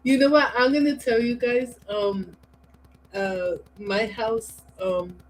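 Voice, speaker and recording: A woman from New York with a Bronx accent, a guest chatting in a soft, relaxed way on a livestream. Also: fairly high pitch, poor audio. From New York, family from Puerto Rico. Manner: slow, soft-spoken, relaxed. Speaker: guest commentator. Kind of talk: casual livestream chat.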